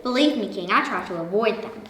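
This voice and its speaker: A woman's voice: mid-range voice, animated, brisk, fairly bright tone, a little hiss or hum, close to an everyday voice. A woman voicing a small, earnest male mouse in a storybook reading, eager and pleading, recorded from a distance in an echoey room.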